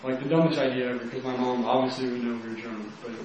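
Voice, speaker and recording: A young Texan man with a medium-pitched, darkish voice talks fast with fairly even intonation, giving a casual, rambling personal testimony full of "like." The recording is muffled, with a little hiss or hum, and comes from a very echoey room with the mic at a distance.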